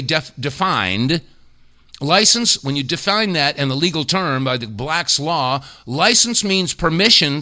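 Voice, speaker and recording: A man's voice: a little high, sharp tone. A man hosting a talk radio show, delivering indignant, emphatic commentary full of rhetorical questions. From United States.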